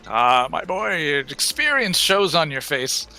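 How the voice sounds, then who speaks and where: A man voicing an elderly, gentle and worried temple priest who talks haltingly, with many restarts and sighs. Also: a little high, very animated, vocal fry, faint music behind, full character voice. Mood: fatherly, concerned. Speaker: game master. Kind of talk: in-character tabletop roleplay.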